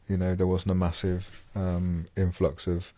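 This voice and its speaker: A man's voice: deep voice, monotone, unhurried, warm tone, no room sound. A man hosting a podcast, talking casually about his time in prison, rambling with many fillers and restarts. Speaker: podcast host and former prisoner. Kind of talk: casual monologue.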